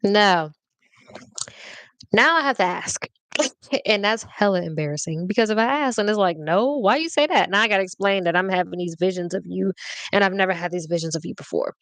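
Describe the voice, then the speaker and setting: A woman's voice: mid-range voice, brisk, fairly bright tone, clear, resonant tone, no room sound. A woman hosting a podcast, telling a personal story in a casual, slangy way and often checking in with her listeners. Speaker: podcast host.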